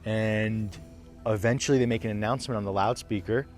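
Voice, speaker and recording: A young man telling a raw, emotional story to camera as a vlogger, swearing freely, dropping to a hush and then rising loud. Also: fairly low pitch, steady tone, a little fast, soft background music.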